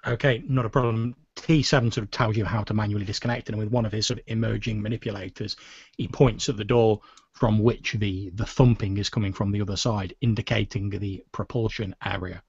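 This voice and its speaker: A man's voice: fairly low pitch, fairly even intonation, fairly quick, breathy edge, no room sound, muffled recording. A man running a tabletop game as game master, narrating scenes at length with many "sort of" hedges. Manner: descriptive, with frequent "sort of" hedges.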